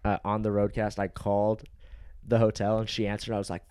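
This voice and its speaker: A man's voice: on the low side, completely flat delivery, brisk, a little mellow, clean tone, dry recording, studio quality. A man on a podcast telling a story casually, swearing a lot and laughing often. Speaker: podcast co-host.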